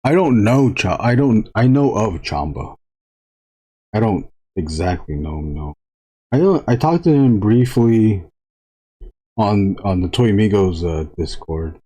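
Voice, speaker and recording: Mellow low-voiced man chatting on stream. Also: expressive. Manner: rambling, halting, frequent restarts and fillers. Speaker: illustrator live-streaming. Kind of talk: casual live-stream chat while drawing.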